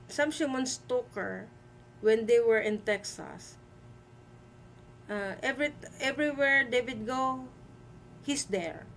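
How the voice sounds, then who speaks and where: Woman host, high voice, slow emphatic delivery, light noise behind. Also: rough recording. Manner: emphatic, repeats herself, halting with fillers. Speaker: livestream host. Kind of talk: live-stream commentary.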